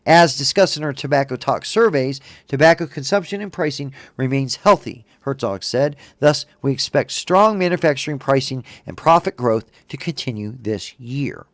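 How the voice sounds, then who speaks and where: A man's voice: mid-range voice, lively intonation, moderate pace, hardly any pauses, no room sound, clean studio sound. A man hosting a casual talk show, reading a news report and then ranting with lots of swearing. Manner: profane, ranting and indignant. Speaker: show host.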